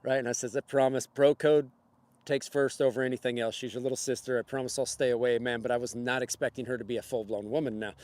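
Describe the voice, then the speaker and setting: A man casually telling a personal story on a livestream in a rambling, conversational way with many fillers and chuckles. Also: mid-range voice. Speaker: livestream host.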